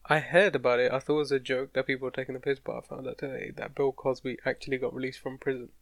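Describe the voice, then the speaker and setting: A man's voice: mid-range voice, little pitch movement, fast talker, vocal fry, no echo. A young man in casual podcast chat, joking, swearing and laughing often. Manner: laid-back banter with frequent laughter and swearing.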